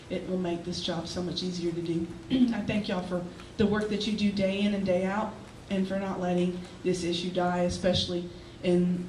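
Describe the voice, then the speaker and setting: A woman with a Texan accent, giving an emotional, halting acceptance speech as a legislator. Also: on the low side, warm tone. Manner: emotional and halting, with fillers and restarts. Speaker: state legislator accepting an award. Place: banquet hall. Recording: echoey hall from far off with noise.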